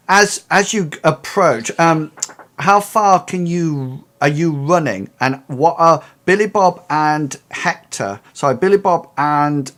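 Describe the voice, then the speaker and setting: Halting male game master. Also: a little high, a bit bright. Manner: halting, many fillers and restarts. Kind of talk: narrating a tabletop game.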